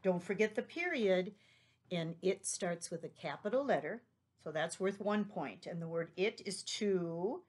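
Slow, patient woman teaching a lesson. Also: on the low side, animated. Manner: patient, encouraging, explains step by step. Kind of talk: recorded remote class lesson.

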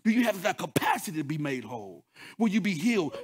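High-voiced man preaching with rising shouts. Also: very animated, fast talker, breathy edge. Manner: repeats words, call-and-response asides. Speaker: pastor. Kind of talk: sermon.

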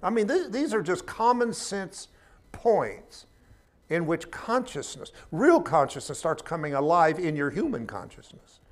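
A man's voice: sits high, sing-song, measured pace. Emphatic man teaching a spiritual class. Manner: conversational and emphatic, with humorous asides. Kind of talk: informal sermon to a class.

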